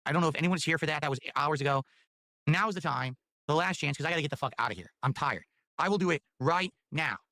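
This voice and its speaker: A man's voice: fairly high pitch, expressive, fast, creaky, sharp tone, dry recording. A man livestreaming, talking in a rambling, pleading, sentimental way. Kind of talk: casual livestream talk.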